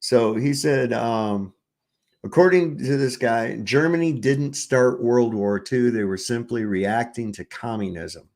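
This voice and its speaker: A man's voice: medium pitch, a little slow, creaky, darkish tone. A man hosting a livestream, talking casually and profanely over clips, often restarting and trailing off. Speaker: livestream host.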